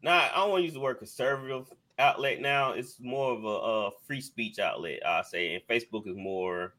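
A man hosting a casual sports podcast, laid-back and quick to laugh. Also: medium pitch, bright, forceful tone. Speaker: podcast host.

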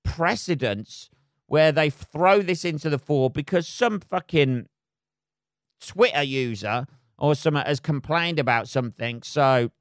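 A man's voice: fairly high pitch, no room sound, clean studio sound. A man hosting a solo podcast, swearing constantly and rambling sarcastically. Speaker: podcast host.

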